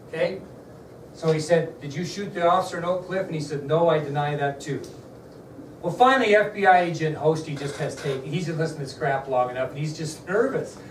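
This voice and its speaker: A man gives a history lesson to his class, slightly high in pitch, telling the story casually and stopping to quiz his students. He sounds distant from the mic in a roomy, echoing classroom with a faint hiss behind him. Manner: conversational storytelling, asks the class questions. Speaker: history teacher. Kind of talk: classroom lecture. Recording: echoey room, mic far off, faint background noise.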